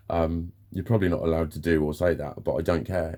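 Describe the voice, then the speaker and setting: Guy venting on his vlog, lots of swearing, lowish mellow voice. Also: normal speed. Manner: frank, ranting, swears a lot. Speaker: vlogger. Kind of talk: candid personal monologue.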